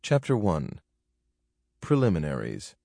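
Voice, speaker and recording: Male narrator, lowish voice, dry close studio sound, formal measured audiobook reading. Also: wildly swooping pitch, gravelly, mellow, dry recording. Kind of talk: scripted narration of a nonfiction book.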